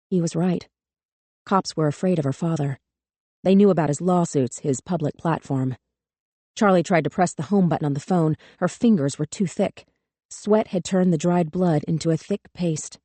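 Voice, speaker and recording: Measured, grave woman narrator with a darker tone, dry close studio sound. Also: on the low side, dark tone, dry recording. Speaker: audiobook narrator. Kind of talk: scripted narration.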